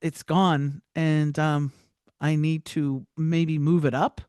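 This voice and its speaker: A woman telling a personal story as a podcast guest, animated, with many restarts and acted-out quotes. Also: sits low, takes it slowly, smooth, no room sound, clean studio sound.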